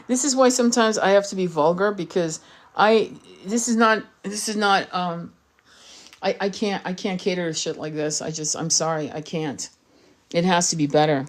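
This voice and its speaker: A woman's voice: on the low side, lively intonation, moderate pace. A woman tarot reader speaking off the cuff to camera, blunt and emphatic, swearing often and restarting her sentences. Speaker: tarot reader and spiritual commentator. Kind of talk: unscripted rant to camera.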